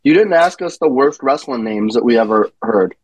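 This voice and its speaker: Male podcast guest, mid-pitched voice, dry mic, animated rambling storyteller. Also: moderate pace, dry recording, low-quality recording. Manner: animated anecdote teller who acts out quotes and derails. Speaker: guest wrestler. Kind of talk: casual podcast chat.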